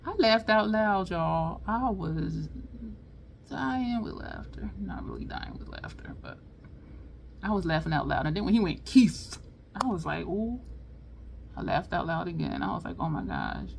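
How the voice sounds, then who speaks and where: A woman's voice: normal speed, gravelly. A woman chatting casually while doing her makeup, telling a funny story with lots of laughter. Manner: chatty, laughing storyteller, lively swings in pitch. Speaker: beauty vlogger. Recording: faint background noise.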